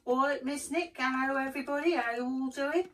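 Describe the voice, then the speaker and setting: A woman's voice: high-pitched, fairly even intonation, a little fast, a bit bright, recorded from a distance, pitched above the performer's own voice. A woman voicing Mulberry, a music-loving puppet. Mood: enthusiastic.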